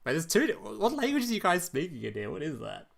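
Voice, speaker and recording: A man's voice: on the high side, wildly swooping pitch, quick pace, vocal fry. A young man streaming live, chatting casually, tripping over his words, swearing and chuckling as he reacts to chat. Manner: loose and profane, trips over words, chuckles often.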